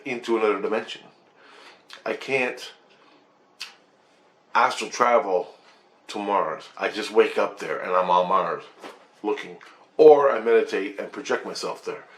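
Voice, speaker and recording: Man in a casual rambling monologue. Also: medium pitch. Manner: animated, swearing, quoting others in changing voices. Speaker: vlogger sharing spiritual experiences. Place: low-income apartment.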